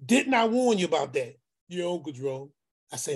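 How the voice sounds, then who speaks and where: Storytelling man, lively voices. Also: on the high side, fast, gravelly, slightly rough. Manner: animated, acts out voices, repeats phrases; preacherly, speaks of faith. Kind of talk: casual storytelling.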